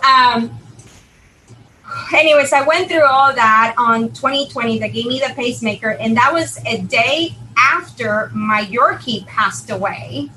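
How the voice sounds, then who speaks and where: A middle-aged woman telling a personal testimony in an earnest, halting, emotional way. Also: fairly high pitch, pushed and bright, a little hiss or hum, poor audio. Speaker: guest telling her near-death story.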